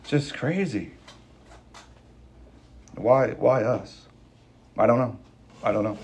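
A pastor preaches with emphasis and urgency, repeating key lines for stress and alternately speeding up and slowing down. His voice is medium-pitched with a darkish tone.

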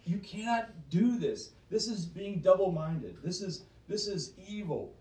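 A man's voice: high-pitched, expressive, measured pace, a little mellow. A man preaching with emphatic force, firing off rhetorical questions and doubling back on his words. He sits back from the mic in a roomy space, so his voice carries a hollow ring. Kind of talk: preaching to a small group. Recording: roomy sound from a distance.

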